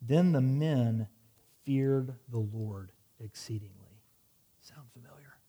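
A man's voice: mid-range voice, slow pace, dark tone. A man preaching a sermon, reading scripture dramatically and dropping wry asides. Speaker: pastor.

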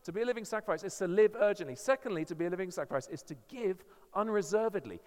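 A man's voice: sits high, animated, very fast. Emphatic English man preaching in a hall. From England. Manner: earnest and emphatic, with frequent restarts. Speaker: guest preacher. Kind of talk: sermon. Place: church. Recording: church hall with long reverb.

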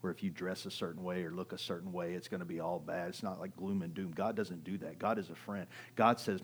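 A middle-aged man preaching a sermon as pastor, talking in a conversational way that swings from loud and urgent to hushed, often checking in with "right?". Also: low voice, steady tone, brisk, few pauses, husky. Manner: keeps asking "right?" to the audience.

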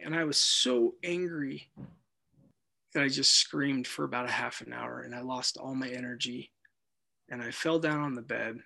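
A man giving an earnest personal testimony, halting and restarting as he speaks. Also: on the high side, gravelly, a bit bright. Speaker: guest telling his life story.

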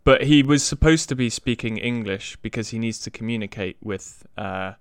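Brief: male co-host, hesitant and emphatic, crisp voice with a dry sound. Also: mid-range voice, normal speed, no room sound. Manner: hesitant, many restarts, emphatic. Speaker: podcast co-host. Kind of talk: casual chat.

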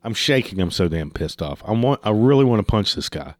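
A man with a fairly low voice tells a story casually, swearing freely as he gets heated. The recording is dry and close, with no room sound. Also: very animated, fairly quick, dry recording.

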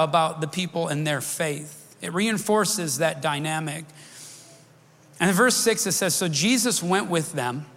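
A man's voice: fairly high pitch, fairly bright tone. A middle-aged man preaching a sermon as pastor, speaking conversationally, wandering off track and restarting his sentences. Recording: long reverb of a large hall.

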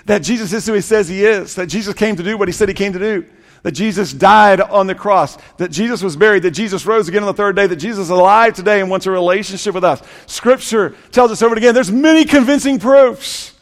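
A man preaching a sermon as pastor, building through repeated phrases and dropping to quiet, drawn-out passages. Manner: preaching with repetition, swinging between loud emphasis and low quiet passages. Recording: echoey hall.

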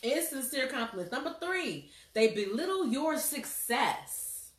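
A woman tells a story in a casual chat, laughing and mimicking others in high voices. Her pitch is on the higher side and swings a lot. She sits back from the mic in an echoey room. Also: very animated, a little slow. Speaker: host. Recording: roomy, a bit far from mic.

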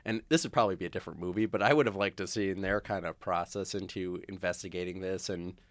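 A man with a lowish voice hosts a relaxed movie discussion, tossing questions to his co-hosts and laughing easily. The sound is dry and close, with no room around it. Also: quick pace, no echo. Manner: chatty, laughs often, leads the discussion with questions. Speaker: podcast host. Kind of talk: casual movie review chat.

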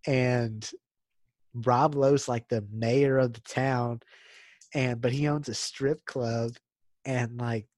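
A man's voice: medium pitch, steady tone, slow, darkish tone, dry recording. Chatty young man, dry close mic. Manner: chatty, says dude a lot, retells movie scenes. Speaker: podcast co-host. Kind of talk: casual chat.

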